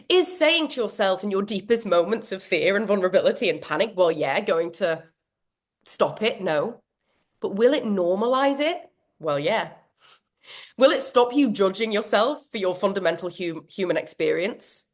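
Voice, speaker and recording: A woman running an online workshop, chatty and self-mocking, laughing often as she talks. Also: medium pitch. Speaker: workshop trainer.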